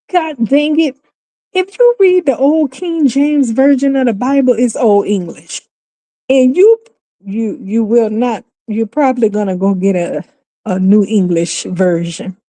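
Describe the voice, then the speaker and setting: A woman's voice: a little high, unhurried, mellow. Emphatic woman from New Orleans. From New Orleans, USA. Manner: emphatic, profane and exasperated. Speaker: livestream host. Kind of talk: casual opinionated livestream talk.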